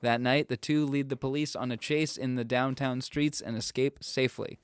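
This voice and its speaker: A man's voice: medium pitch, fairly even intonation, normal speed, clean tone, no room sound. A man co-hosting a casual film podcast, reading a plot summary aloud and bantering with friends. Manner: reads plot summaries, then jokes and banters. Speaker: podcast co-host.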